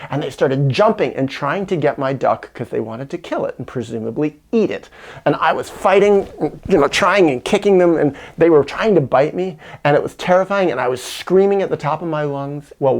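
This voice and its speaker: Gravelly man telling a story. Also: medium pitch. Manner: animated, dramatic retelling with sudden loud and soft swings. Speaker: channel host. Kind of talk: personal storytelling monologue.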